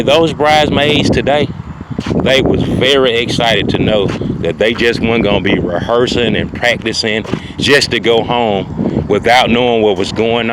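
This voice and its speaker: A man telling a rambling, boastful comic story, often turning to his listeners with "ladies and gentlemen.". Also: on the low side, noisy background. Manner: rambling, boastful, repeats "ladies and gentlemen" and "you know what I'm saying". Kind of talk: improvised comic storytelling monologue.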